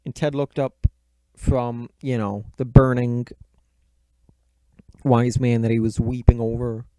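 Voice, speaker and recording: A man's voice: medium pitch, flat delivery, takes it slowly, mellow, dry recording. A man casually recapping a movie plot in a rambling, profane, offhand way. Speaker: movie reviewer.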